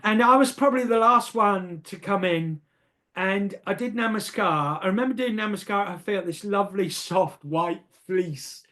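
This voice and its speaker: A man's voice: high-pitched, normal speed, pushed and bright. Older Englishman telling a story, hesitant. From England. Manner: hesitant, repeats words, laughs at himself. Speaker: interviewee. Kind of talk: casual storytelling.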